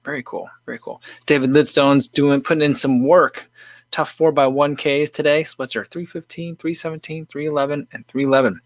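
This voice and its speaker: A man's voice: on the high side, fairly even intonation, moderate pace, dry recording. A man hosting a casual livestream, chatting in an easygoing, rambling way with lots of fillers and restarts while reading viewer comments. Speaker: livestream host.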